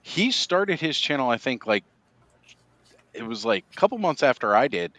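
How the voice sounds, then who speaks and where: A laid-back man hosts a casual livestream from home over a video call. His voice sits at an ordinary middle pitch, he laughs often and fills his talk with "like.". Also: sing-song, normal speed, fairly bright tone, dry recording. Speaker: livestream host. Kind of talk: casual chat.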